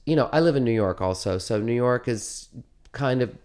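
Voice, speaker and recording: A man being interviewed, telling a long story in a rambling, animated way with many restarts. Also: mid-range voice, normal speed. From United States. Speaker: interviewed musician. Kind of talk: casual interview.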